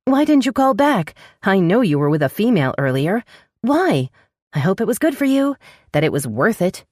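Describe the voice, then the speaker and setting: A woman narrator voicing a pregnant young woman who sounds shrill, jealous and accusing. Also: big pitch swings, normal speed, a little mellow, dry recording, clean studio sound.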